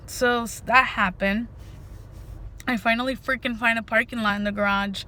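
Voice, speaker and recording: Bright, animated woman vlogger. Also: on the high side, moderate pace, a little hiss or hum. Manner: animated, emphatic, says "freaking" a lot; addresses viewers directly. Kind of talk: casual storytelling to camera.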